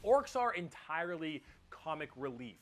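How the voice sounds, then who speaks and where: A man's voice: fairly high pitch, big pitch swings, moderate pace, crowd noise. A man narrating an explainer video in a casual, enthusiastic and jokey way, swearing freely.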